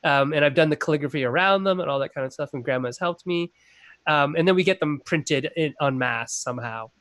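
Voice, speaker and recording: A man's voice: a little high, a little fast, fairly bright tone, no room sound. A man playing a tabletop role-playing game, talking in and out of character with chatty asides. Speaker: player.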